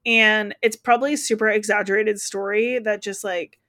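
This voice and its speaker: A woman's voice: medium pitch, fairly even intonation, normal speed, sharp tone. An American woman co-hosting a casual podcast, chatting and laughing often as she tells drink history. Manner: chatty, laughs often, reads quotes aloud. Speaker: podcast co-host.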